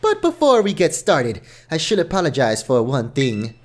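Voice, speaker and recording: A man voicing a formidable female league champion from a game, reading her lines in a measured, formal way with a lowered voice. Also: wildly swooping pitch.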